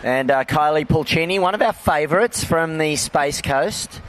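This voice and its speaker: A man's voice: a little high, moderate pace, a bit bright, slight background noise. A man doing live play-by-play for a surf contest, describing riders and scores. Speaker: surf commentator. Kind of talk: live sports commentary.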